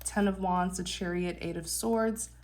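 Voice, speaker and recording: A woman with a nasal, congested voice giving a channeled tarot reading, gentle and reassuring with many fillers and restarts. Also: on the low side, fairly even intonation, a little slow, background noise. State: unwell, congested. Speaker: tarot reader.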